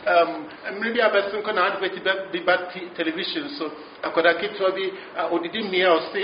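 High-voiced Ghanaian preacher, echoey. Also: male voice, fairly even intonation, a little fast, few pauses, slight background noise. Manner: emphatic preaching, switching back and forth between English and Twi. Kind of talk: sermon. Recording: echoey, dull lo-fi recording.

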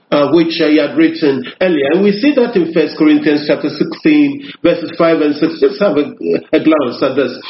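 A man preaching an expository sermon, earnest and emphatic, pushing his voice higher when he stresses a point. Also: reverberant, muffled recording, slight background noise. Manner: reads scripture in older phrasing.

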